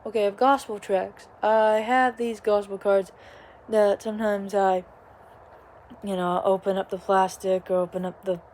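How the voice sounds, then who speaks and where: A woman's voice: mid-range voice, flat delivery, moderate pace, a little mellow, a little hiss or hum. A young woman vlogger telling a casual, rambling story at home, full of asides and quoted voices. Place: small home, living room.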